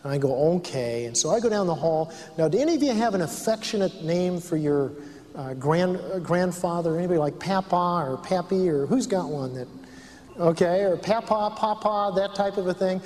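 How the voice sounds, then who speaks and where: A man with a fairly high voice tells a personal story in sermon style, speaking earnestly and turning to the audience with questions. His words ring out with a long reverb, like a talk recorded live in a large hall. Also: fairly quick, darkish tone. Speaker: speaker on family and counseling.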